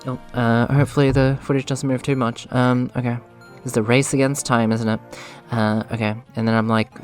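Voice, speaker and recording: A man's voice: mid-range voice, flat delivery, moderate pace, few pauses, soft background music. A man giving casual gameplay commentary, rambling and self-deprecating, his voice a little worn. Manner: rambling, self-deprecating, laughs at own jokes. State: voice slightly worn. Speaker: let's play gamer.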